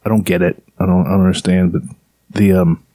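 A man's voice: deep voice, level tone, a little fast, dark tone, dry recording. A man hosting a podcast in casual chat, rambling and sarcastic, with lots of fillers. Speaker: podcast host.

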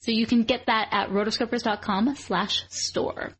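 A woman's voice: a little high, fairly even intonation, moderate pace, husky. Chatty laughing woman podcast co-host. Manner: laughs often, chatty with fillers. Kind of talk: casual podcast chat.

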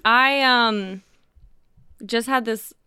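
A woman's voice: a little high, sharp tone, clean tone. A young woman in her twenties, a podcast host chatting casually and poking fun at herself. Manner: self-deprecating, laughs often, quick asides. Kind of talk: casual chat.

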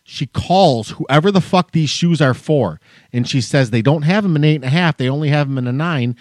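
A man's voice: a little high, fairly quick, no echo, studio quality. A man co-hosting a podcast, telling a long story as a heated, profane rant. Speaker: podcast co-host. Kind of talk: casual chat, storytelling rant.

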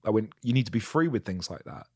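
A man's voice: fairly low pitch, animated, fast, dark tone, slightly rough, dry recording, clean studio sound. A man, an actor, candidly recounting his work in casual chat, swearing freely and mocking himself. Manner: candid, profane, self-mocking storytelling. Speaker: actor guest.

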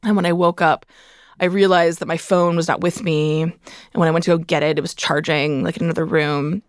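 A woman's voice: low voice, steady tone, brisk, no echo, studio quality. A woman telling a painful personal story in a candid, conversational way, full of "like" fillers. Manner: conversational, frequent "like" fillers, emotional recollection. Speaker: memoir author, interview guest.

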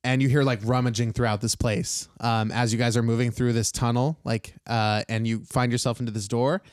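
A young man narrating as game master in a tabletop game, pausing often with ums and uhs. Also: mid-range voice, flat delivery, a little mellow, no room sound, studio quality. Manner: hesitant, many ums and uhs.

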